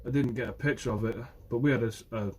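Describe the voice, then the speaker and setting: A man's voice: medium pitch, fast. A young man from Guernsey, a fisherman chatting casually on a phone live stream and answering viewers by name. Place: outdoors by the shore.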